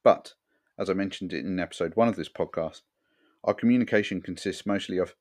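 Deep-voiced man, earnest podcast monologue. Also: a little fast. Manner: frank, earnest. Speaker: podcast host.

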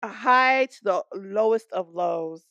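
Gravelly-voiced woman telling a profane story. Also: mid-range voice, slow, bright, forceful tone, no room sound, highs cut off. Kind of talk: casual wrestling chat.

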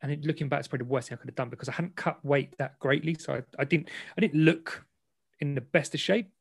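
A man, an interview guest and boxer, frankly recounting a personal story in a self-deprecating, animated way. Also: fairly high pitch, fast talker, vocal fry, husky, no echo.

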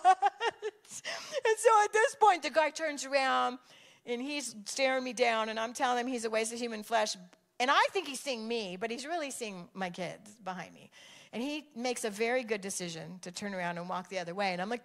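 A woman's voice: on the high side, normal speed, fairly bright tone. A middle-aged woman preaching, telling a story with lots of animation and laughter. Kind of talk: sermon storytelling.

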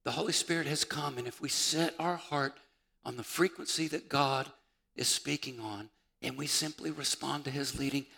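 A man preaching a sermon as pastor, moving between loud calls and hushed, near-whispered passages. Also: mid-range voice, normal speed, vocal fry. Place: church sanctuary. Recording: church sanctuary with long reverb.

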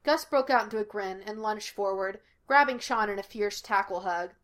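A woman narrating a fan fiction audiobook in a steady storytelling manner. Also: mid-range voice, normal speed, hardly any pauses. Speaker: audiobook reader.

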